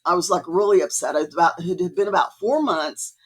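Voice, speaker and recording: A woman's voice: fairly low pitch, fairly quick, husky. A woman artist, a podcast guest, telling her story in a casual, chatty way with many fillers. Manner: chatty, many fillers, acts out quoted dialogue.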